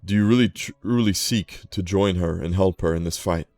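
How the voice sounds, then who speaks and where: A man voicing an ancient, stern male unicorn who speaks slowly and solemnly in a tabletop game. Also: low voice, a little mellow, dry recording, faint music behind. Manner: slow, solemn, measured. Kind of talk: tabletop game role-play.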